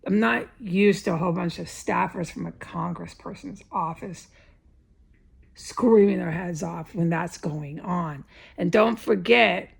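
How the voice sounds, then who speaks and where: A woman's voice: lowish voice, a little slow, gravelly, breathy edge. A woman talking in a rambling, profane vlog monologue, often restarting her sentences.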